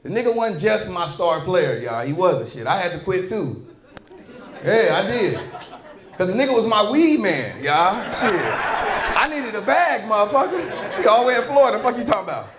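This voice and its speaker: A man with a St. working a comedy club crowd, his voice sitting high and carrying crude, playful jokes that break into shouts. The room rings with echo around him. A loud, lively audience roars behind him. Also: moderate pace. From St. Louis, Missouri. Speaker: stand-up comedian. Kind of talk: stand-up comedy set. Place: comedy club stage before a live crowd. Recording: echoey club with a roaring crowd.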